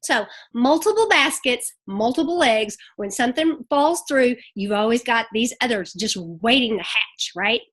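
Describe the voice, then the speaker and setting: Lady on a group call, high voice, emotional and a bit scattered, chatty tips. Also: animated, measured pace, hardly any pauses, a bit bright. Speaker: network marketing ambassador.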